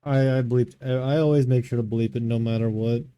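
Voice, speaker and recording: A man co-hosting a casual podcast, teasing and throwing in quick jokes. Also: mid-range voice, fairly even intonation, dark tone, clear, resonant tone. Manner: teasing, wisecracking interjections. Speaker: podcast co-host. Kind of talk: casual chat.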